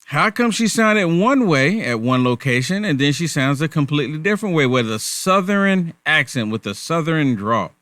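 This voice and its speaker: A man's voice: on the high side, expressive, moderate pace, few pauses, fairly bright tone, no echo. A male host giving sarcastic political commentary, firing off rhetorical questions.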